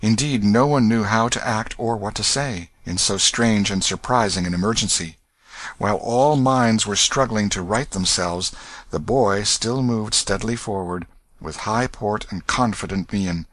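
A man narrates a classic novel at a measured storybook pace. His voice sits on the low side, and the recording is dry with no room sound. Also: fairly bright tone, no echo. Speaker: audiobook narrator. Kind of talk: scripted narration.

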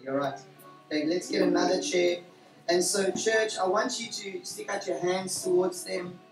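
Pastor in a roomy church hall. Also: male voice, high voice, fairly even intonation, moderate pace. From South Africa. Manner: warm, rambling, with frequent fillers and self-corrections. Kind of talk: leading a church service. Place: church hall during a service. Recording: roomy church hall from a distance, faint music.

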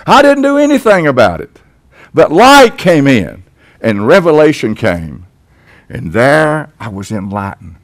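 An older Southern man preaches in a high voice that leaps around, folksy and emphatic. His delivery swells without warning, the way a pastor talks to his congregation. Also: huge pitch swings, measured pace. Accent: Southern American. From Tennessee. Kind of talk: sermon. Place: church sanctuary.

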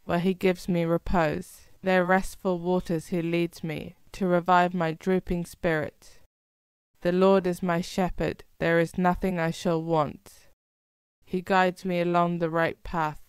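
A woman reads scripture aloud in a slow, even liturgical recitation. Her voice is low-pitched, strikingly smooth and resonant, and holds a flat, level melody. The sound is close and dry, with no room echo. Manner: measured, steady recitation. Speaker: scripture reader. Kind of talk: liturgical Bible reading.

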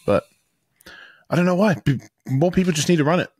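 A man's voice: on the high side, animated, brisk, darkish tone, breathy edge. A young adult man with an Australian accent, a podcast guest in casual chat who repeats his phrases as he talks.

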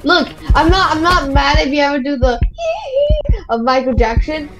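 A woman's voice: high voice, big pitch swings, normal speed, highs cut off, music in the background. A woman chatting casually while playing an online game with a friend, teasing and giggling often as she talks. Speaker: gamer co-host. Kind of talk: casual gaming chat.

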